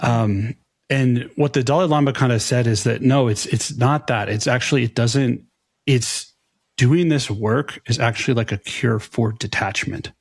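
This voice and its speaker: Gravelly, reflective man co-hosting a podcast. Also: medium pitch, moderate pace, no room sound, studio quality. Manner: reflective, searching for words with restarts. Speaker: podcast co-host. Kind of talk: casual podcast conversation.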